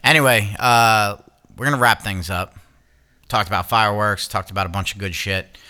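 Bright, clear-voiced young podcast co-host. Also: male voice, on the low side, fairly even intonation, moderate pace. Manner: loose, rambling, swears freely. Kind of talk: casual chat.

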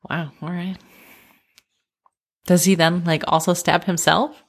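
A woman's voice: lowish voice, flat delivery, measured pace. A woman in casual chat, chiming in with short wry remarks. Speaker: listener reacting.

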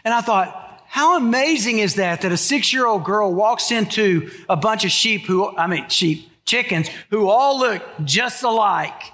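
A man's voice: high-pitched, a little slow, few pauses, fairly bright tone. An older man, a pastor, giving a sermon in a folksy storytelling way, mixing scripture with family anecdotes. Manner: folksy storytelling, shifts from Bible reading to humorous anecdotes.

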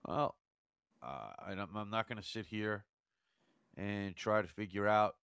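A man co-hosting a hockey talk show, measured and dry, counting points out carefully. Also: on the low side, expressive, fairly bright tone, clean tone, dry recording. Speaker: hockey analyst, co-host. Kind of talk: casual hockey chat.

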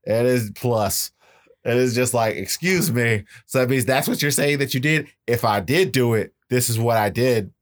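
A young co-host in a casual podcast chat, joking with quick comebacks. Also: mid-range voice.

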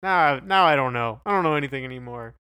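A man's voice: medium pitch, expressive, fast, pushed and bright, clear, resonant tone, no echo, studio quality. A man casually co-hosting a music podcast, musing aloud with wry self-doubt. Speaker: podcast co-host. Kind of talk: casual chat about music.

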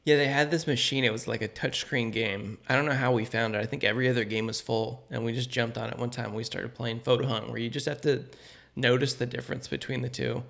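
A man co-hosting a podcast, telling stories in a lively, rambling casual chat. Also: medium pitch, fast talker, vocal fry, hardly any pauses. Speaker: podcast co-host.

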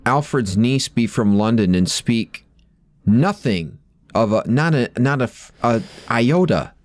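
A man's voice: mid-range voice, animated, a little slow, no room sound, clean studio sound. A man co-hosting a casual movie podcast, rambling and swearing casually, a bit off-mic. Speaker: podcast co-host. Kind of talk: casual movie review chat.

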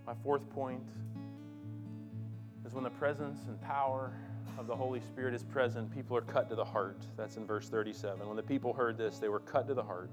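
A man preaching a sermon as pastor, swinging from loud declarations to hushed asides and calling on the congregation to respond. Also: mid-range voice, fairly even intonation, brisk, music in the background. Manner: addresses congregation directly, calls for responses. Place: church sanctuary.

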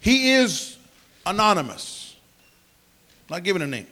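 A man preaching a sermon, leading a prayer and explaining scripture with lively conversational asides and frequent throat clearing. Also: high-pitched, unhurried. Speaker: pastor.

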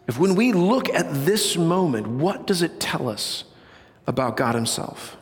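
A man preaching a sermon to a congregation, animated, with loud bursts and hushed low passages. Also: moderate pace, big-room sound. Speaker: pastor. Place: church sanctuary.

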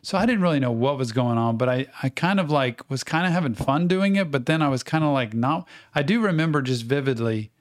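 A middle-aged man telling childhood stories on a podcast in a relaxed, chatty way. He gets animated as he recounts old anecdotes. His voice sits in an ordinary middle pitch. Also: a little fast, few pauses. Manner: animated anecdotes with acted-out quotes. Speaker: podcast co-host. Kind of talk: casual storytelling chat.

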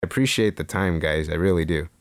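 A man hosting a podcast in casual chat, enthusiastic and full of shout-outs, on a close mic. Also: sits low, fast, no echo. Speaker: podcast host.

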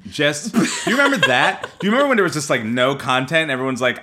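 Lively, bright-voiced young man. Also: on the high side, fast talker. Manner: joking, lively, slips into mock-ad voices. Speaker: podcast co-host. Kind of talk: casual comedic chat.

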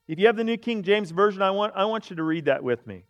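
A man preaching a sermon as pastor, animated, with dramatic swings between quiet asides and loud emphatic lines. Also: high-pitched, fast talker, hardly any pauses, no room sound.

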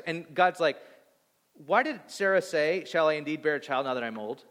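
A man in his thirties preaching a sermon, animated, acting out voices and swinging between loud and soft. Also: fairly high pitch, normal speed. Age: 30s. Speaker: pastor. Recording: long hall reverb.

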